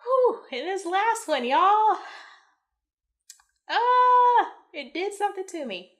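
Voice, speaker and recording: A woman's voice: very high voice, very animated, moderate pace. A woman giving a casual, emotional spoiler review of a movie, sighing and exclaiming as she talks.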